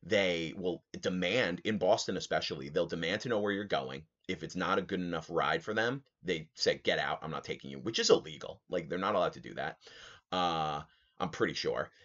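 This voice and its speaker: A young man hosting a podcast, telling a rant story in a casual, animated way, swearing freely and laughing as he talks. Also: low-pitched, normal speed. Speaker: podcast host. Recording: slightly dull podcast audio.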